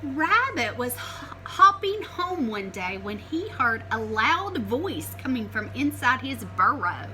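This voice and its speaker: A woman teacher reading a picture book aloud to children in a high, lively, bright voice. She takes her time and keeps stopping to ask her listeners questions. A faint ambient hum sits behind her. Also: slow, few pauses, faint music behind, low-quality recording. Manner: animated, asks the listeners questions.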